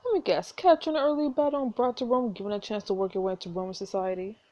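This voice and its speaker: A woman reading game dialogue aloud as a swaggering, mocking male Roman commander in a smug, taunting way, close to her own mellow voice. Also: medium pitch, fast, lightly acted.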